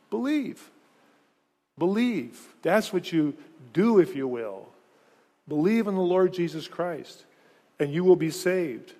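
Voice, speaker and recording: A pastor preaching to his congregation, a man with a somewhat high voice. He talks earnestly, stumbling back over words and restarting his phrases. His voice rings out with a long reverb, as in a large church hall. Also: dark tone. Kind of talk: sermon.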